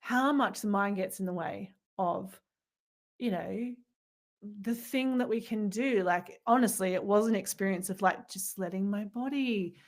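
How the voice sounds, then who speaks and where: A woman's voice: mid-range voice, unhurried. A woman co-hosting a podcast in casual spiritual chat, reflective and rambling, with many fillers and restarts. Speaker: podcast co-host.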